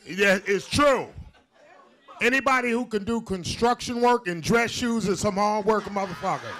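Loud, profane, high-voiced stand-up comic. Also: male voice, normal speed. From Haiti. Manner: loud, profane, acts out voices of people in his stories. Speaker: stand-up comedian. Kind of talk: stand-up set. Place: comedy club stage with live audience. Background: audience laughter.

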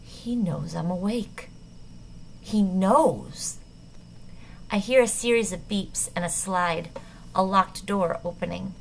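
A woman narrating a novel in the first person, measured and tense. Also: mid-range voice, vocal fry, slight background noise, rough recording. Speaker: audiobook narrator.

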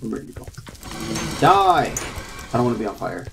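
A young adult in their twenties hosting a casual gameplay chat, excitable and quick to yelp when startled. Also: mid-range voice, vocal fry, over music. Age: 20s. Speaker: gaming channel host. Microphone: computer mic with clicking keys.

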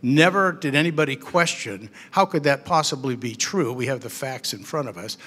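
A man's voice: medium pitch, lively intonation, normal speed, fairly bright tone. A man from the audience, an Army veteran, asking a long, earnest question. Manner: earnest, rambling.

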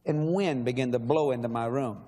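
A middle-aged man, telling a story in a sermon with animated energy, laughing and shouting at the peaks. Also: medium pitch, moderate pace. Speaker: preacher. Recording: long reverb in a large hall, faint noise.

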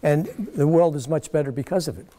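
Animated, higher-voiced man giving a lecture. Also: fast talker. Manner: animated storyteller, mocking quoted critics. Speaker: guest lecturer. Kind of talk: public lecture storytelling. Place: lecture hall.

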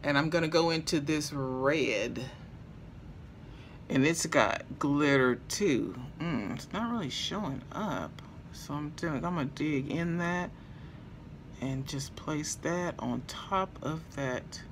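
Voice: medium pitch, animated, takes it slowly, slight background noise. A makeup vlogger chatting casually through a tutorial, playful and talkative, addressing viewers directly. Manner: chatty and playful, talks to viewers as y'all, chuckles.

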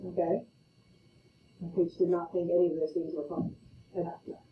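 Speaking fairly quickly with long pauses and a fairly low pitch, a middle-aged woman leads a math lecture, playful and given to storytelling. She frequently checks in with "okay?", and the audio sounds roomy, distant and muffled.

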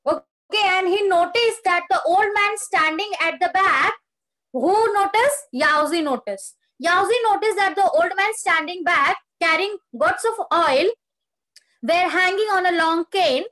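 A woman's voice: extremely high pitch, a little slow, sharp tone, low-quality recording. A woman teaching a lesson, retelling a story line by line, asking questions and explaining the meaning of words. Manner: explains words and asks questions, rereads quoted lines.

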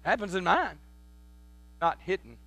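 A pastor preaches an animated sermon in a high, bright, cutting voice. He repeats words as he builds and leans on folksy family stories. The sound is close and dry, with a faint electrical hum underneath. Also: moderate pace, no echo. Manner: tells folksy family anecdotes. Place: church sanctuary.

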